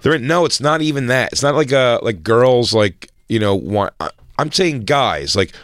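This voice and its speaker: A man's voice: mid-range voice, lively intonation, moderate pace, fairly bright tone, dry recording, clean studio sound. A man co-hosting a podcast, chatting casually, rambling and swearing as he acts out other people's voices. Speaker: podcast co-host. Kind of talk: casual comedic chat.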